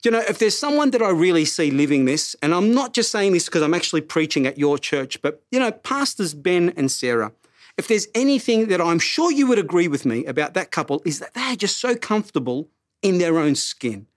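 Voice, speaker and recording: A middle-aged man preaching a sermon as pastor, animated and self-mocking, who often repeats his words. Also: on the high side, a little fast, no room sound, studio quality.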